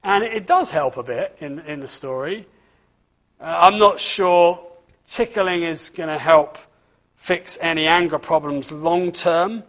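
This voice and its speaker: A man's voice: on the high side, a little slow, a bit bright. A man giving a children's talk at church, reading a storybook aloud and asking the listeners questions.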